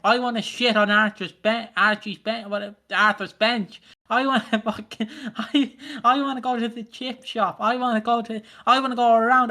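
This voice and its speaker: Bright-voiced ranting podcast co-host. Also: male voice, extremely high pitch. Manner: ranting, sweary, mocking put-on voices. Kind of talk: casual chat.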